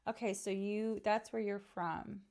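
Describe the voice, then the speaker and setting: A woman's voice: mid-range voice, flat delivery, unhurried, darkish tone. A middle-aged woman vlogging as she works on a journal page, chatting in a rambling, friendly way and talking to her viewers. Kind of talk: casual chat while crafting.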